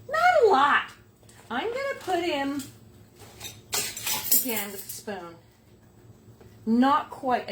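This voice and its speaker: Woman, cooking host, fairly high voice, playful chatter, clinking pans and cutlery behind. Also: background noise. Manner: playful and chatty, with silly sing-song asides. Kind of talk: casual cooking demonstration. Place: kitchen. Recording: kitchen clatter of dishes and utensils behind.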